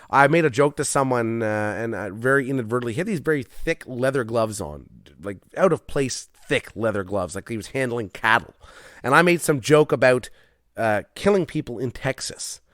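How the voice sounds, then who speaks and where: Recording from his home garage, a man hosts a solo comedy podcast, rambling, putting himself down, and swearing often. His voice is medium-pitched and a bit bright, captured at studio quality with no echo.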